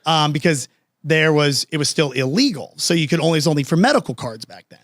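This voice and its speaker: A man's voice: on the high side, animated, fast talker, fairly bright tone, no room sound, clean studio sound. A man telling a story as a podcast guest, casual and slangy, acting out both sides of conversations.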